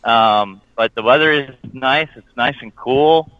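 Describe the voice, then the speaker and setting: A man with a Southern US accent chatting casually as a podcast co-host, easygoing and measured with a mild joking streak. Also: mid-range voice, no room sound. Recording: dry, dull lo-fi call-in line.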